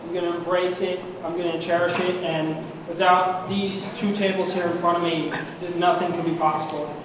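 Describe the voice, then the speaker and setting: At an annual meeting, a young man speaks from far away in a large banquet hall full of echo and steady noise, accepting an award. His high voice is halting and heartfelt, carrying real emotion.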